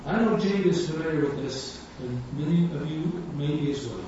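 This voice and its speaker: A man preaching a sermon, telling stories with animated quotes and frequent laughter. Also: fairly high pitch, brisk, hardly any pauses, slight background noise. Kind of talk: sermon with storytelling. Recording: echoey distant hall sound, dull.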